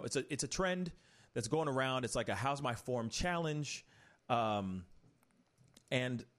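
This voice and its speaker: An opinionated man hosting an online talk show, his pitch swinging widely as he rambles. He sits at a middle pitch and talks to his viewers in a loose, animated way. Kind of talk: casual commentary show.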